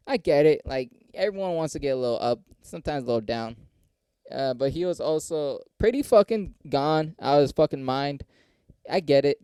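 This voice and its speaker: Young guy podcasting, swears a lot, rambly, warm smooth voice, dry close mic. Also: no echo. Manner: profane, rambling, acts out quotes in a higher voice. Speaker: podcast host and comedian. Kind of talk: casual podcast monologue.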